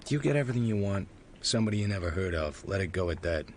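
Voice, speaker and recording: An actor playing a dry, cynical hard-boiled private detective in a 1940s-style radio drama, talking in laconic wisecracks. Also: male voice, low-pitched, expressive, fast talker, a little mellow. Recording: hissy old radio recording.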